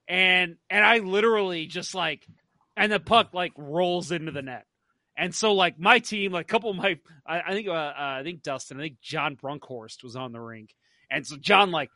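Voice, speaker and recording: A man co-hosting a casual podcast, telling a story with lively acted-out quotes. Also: high voice, no room sound, studio quality. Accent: St. Louis. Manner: animated, acts out his own quotes. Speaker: podcast co-host.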